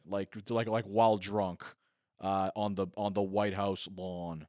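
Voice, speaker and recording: A man in his thirties tells a loose, funny story, piling up "like" and poking fun at himself. His voice sits on the low side. The sound is dry and close, with almost no room echo. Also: flat delivery, unhurried. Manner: rambling, heavy on filler "like", self-mocking. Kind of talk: casual comedic storytelling monologue.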